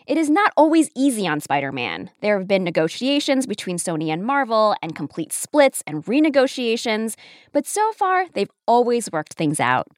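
A woman giving scripted podcast narration in a polished, expressive storytelling manner. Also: a little high, moderate pace, no echo, studio quality.

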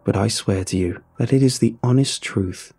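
A man's voice: fairly low pitch, moderate pace, creaky, husky. A man narrating a first-person story in a dramatic, wry manner. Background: soft music.

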